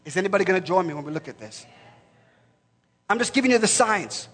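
Brief: man in his forties, pastor, high and bright voice, passionate sermon, big reverberant hall. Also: expressive, fast. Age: 40s. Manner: impassioned, rising to shouts, stammering restarts.

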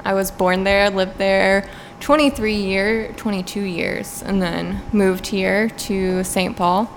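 A woman's voice: medium pitch, steady tone, slow pace, slight background noise, rough recording. A woman in her twenties from North Carolina, a podcast guest chatting easily. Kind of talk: casual chat.

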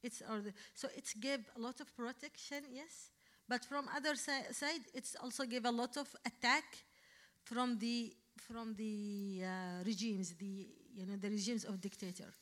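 A Yemeni-accented woman, Arabic her first language, speaks slowly in English with a bright, somewhat high voice. She stops and restarts often, then presses her points firmly. She is answering questions as a guest at a public talk. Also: steady tone. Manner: halting, many restarts, rising to firm emphasis.

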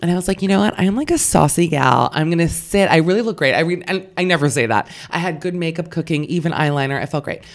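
A woman in her forties, a comedian guest on a podcast, telling funny stories in animated casual chat with swearing and laughs. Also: low voice, fast, few pauses.

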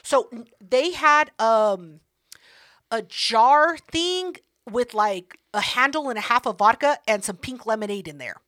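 A woman's voice: fairly high pitch, measured pace, no room sound, clean studio sound. A woman co-hosting a podcast, telling stories in casual chat and swearing freely. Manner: profane, animated storyteller. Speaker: podcast co-host.

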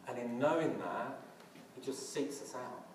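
A man's voice: medium pitch, animated, unhurried, slight background noise. A man preaching a sermon earnestly, often restarting and using fillers. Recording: roomy, from a distance.

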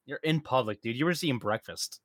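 A man's voice: mid-range voice, animated, fast, fairly bright tone, no room sound, studio quality. A young man co-hosting a podcast, joking and laughing in casual chat while watching a cartoon. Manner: joking, laughing often, slangy. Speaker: podcast co-host.

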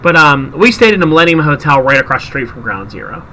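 A man's voice: a little high, quick pace, a little hiss or hum, poor audio. A man hosting a podcast, telling a story in casual chat and acting out the people in it. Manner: animated storyteller, acts out quotes. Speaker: podcast host.

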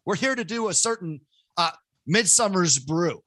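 A man hosting a casual podcast chat, loud and excitable, joking at his own expense into his microphone. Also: sits high, moderate pace, no room sound. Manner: loud, excitable, self-mocking. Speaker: podcast host. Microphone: home podcast microphone.

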